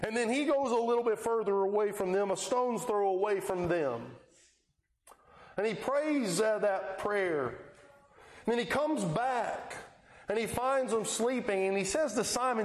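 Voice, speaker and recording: High-voiced man preaching a sermon. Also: unhurried, reverberant. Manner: storytelling, acting out the Bible scenes in quoted voices.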